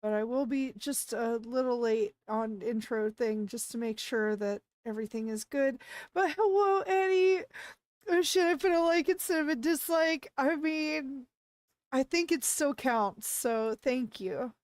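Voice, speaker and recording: A woman streaming live in a casual chat, flustered and panicky as she apologizes and breaks into excited greetings to viewers. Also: a little high, unhurried, no echo. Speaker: VTuber streamer.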